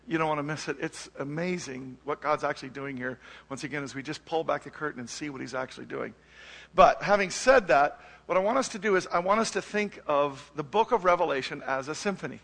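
A man preaching in a church with a high, bright voice. He talks to the congregation in a loose, conversational way. He stays animated and now and then sings out a musical phrase. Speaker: pastor. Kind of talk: sermon.

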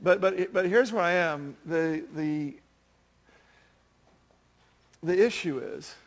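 A man's voice: a little high, slow pace. A man in his fifties preaching a sermon in a chatty, self-deprecating way, telling stories with animation. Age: 50s.

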